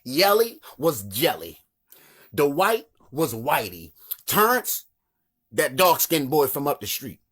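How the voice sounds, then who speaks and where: A man's voice: on the high side, sing-song, takes it slowly, a bit bright, breathy edge. A man with a Baltimore accent telling comic stories in a profane, conversational monologue. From Baltimore, Maryland. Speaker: comedian. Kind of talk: comedic storytelling monologue.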